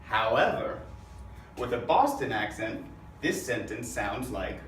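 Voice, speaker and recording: An American man teaching English, explaining and demonstrating pronunciation in a deliberate, instructive way. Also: mid-range voice, very animated, a bit bright, a little hiss or hum. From United States. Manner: slow, deliberate, demonstrating words. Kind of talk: spoken accent lesson. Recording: roomy echo, mic at a distance.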